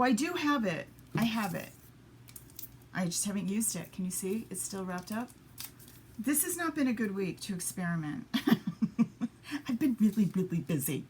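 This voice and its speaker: Working at a home craft table, a woman demos papercraft in a laid-back live stream, talking with viewers and quietly muttering little asides to herself. Her voice is medium-pitched, with slight background noise.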